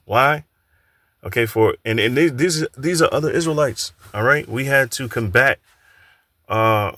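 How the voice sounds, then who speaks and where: A man teaching from scripture in a halting way, often repeating words and saying "all right" between points. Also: lowish voice, a bit bright, no echo, studio quality.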